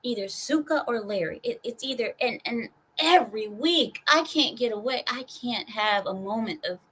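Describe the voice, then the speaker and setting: Young woman host with a sarcastic, animated ranting delivery and a bright voice. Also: on the high side, moderate pace, slightly rough, poor audio. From California. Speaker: streamer and host. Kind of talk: ranting news commentary.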